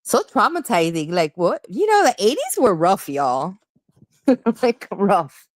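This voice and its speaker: A Miami woman in her forties, medium-pitched and speaking slowly, chats casually with a group, telling stories animatedly and laughing along the way. The recording is dry.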